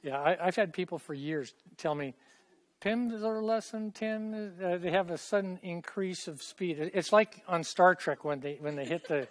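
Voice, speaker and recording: A chatty middle-aged man leads a classroom language lesson, his voice sitting a little high for a man. He talks loosely with students and repeats phrases slowly for them to say back. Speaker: Hebrew teacher.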